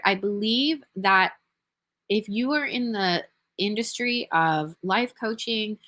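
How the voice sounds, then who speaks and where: A woman business coach giving an earnest, emphatic motivational talk, sounding tired and talking quickly. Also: medium pitch, fairly bright tone. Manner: earnest, emphatic, talks fast.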